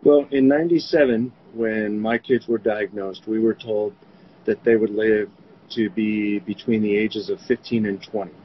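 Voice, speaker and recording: A man from New York speaking haltingly in an interview about grief, his voice often trailing off quietly. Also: steady tone, lo-fi sound, slight background noise. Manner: halting, grief-stricken, voice drops low. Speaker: interviewee, bereaved father. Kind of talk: remote interview.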